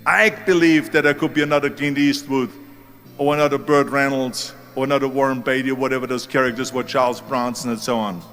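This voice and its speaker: A man's voice: mid-range voice, steady tone, brisk, fairly bright tone, soft background music. A man in his seventies with a German accent, giving a motivational speech as emphatic storytelling that leans hard on key words. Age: 70s. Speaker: speaker.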